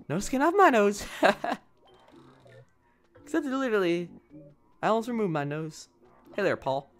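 A man's voice: high-pitched, very animated, slow, long pauses, a bit bright. A man giving let's play commentary, mocking and sarcastic, laughing often. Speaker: gaming streamer.

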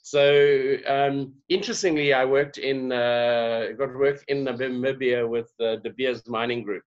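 A man's voice: medium pitch, measured pace. A man from South Africa, a diversity trainer, telling stories in casual conversation and acting out the dialogue in his anecdotes. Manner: animated, acts out dialogue in voices. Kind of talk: conversational storytelling. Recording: dull lo-fi recording.

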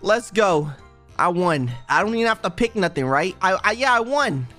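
A man giving casual, excitable gaming commentary, repeating himself and talking straight to viewers. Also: sits high, normal speed, soft background music. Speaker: gaming YouTuber.

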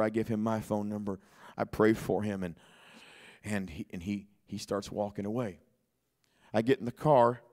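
Man preaching, shouting then hushed. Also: lowish voice. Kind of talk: sermon storytelling. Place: church sanctuary.

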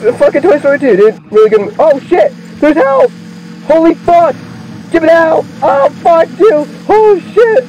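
A young man doing let's play commentary, excitable, swearing constantly and yelling at the game. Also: very high voice, normal speed. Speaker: gaming video creator. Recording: muffled lo-fi mic with game music. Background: game music.

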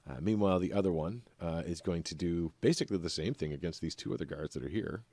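Deep-voiced male game master. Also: quick pace, no echo. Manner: relaxed, many filler uhs. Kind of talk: narrating a tabletop game.

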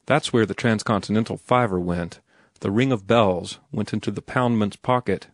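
A man's voice: on the low side, normal speed, no echo, clean studio sound. A man voicing an earnest, headstrong young male writer in an audiobook, blunt and insistent. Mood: humble. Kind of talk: audiobook character reading.

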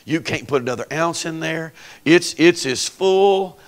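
Speaking unhurriedly in a slightly high voice, a male pastor gives a Pentecostal sermon full of folksy drama. He plays out the story's characters himself and prompts the congregation to answer back.

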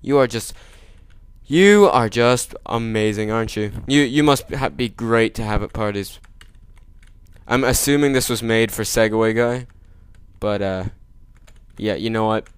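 A man doing gameplay commentary, joking, making sarcastic asides and yelling at the game. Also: on the low side, unhurried, clean tone, no echo. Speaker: let's play gamer.

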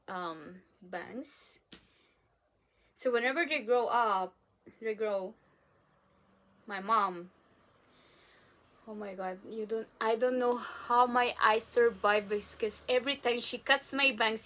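Young woman vlogger, from the Philippines, unhurried, slightly high voice, dramatic and chatty. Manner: animated, self-described dramatic, lots of fillers and laughs. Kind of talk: casual storytelling to camera.

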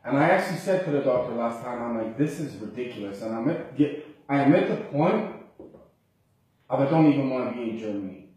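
A Canadian man, a patient, complains to his doctor in distress, agitated and rambling, frequently breaking off and starting over. His mid-range voice is expressive, fairly quick, and somewhat dark in tone, recorded far from the mic in an echoey room.

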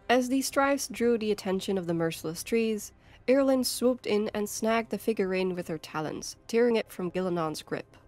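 A woman narrating a fantasy short story in a measured, expressive storytelling manner. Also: medium pitch. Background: faint background music.

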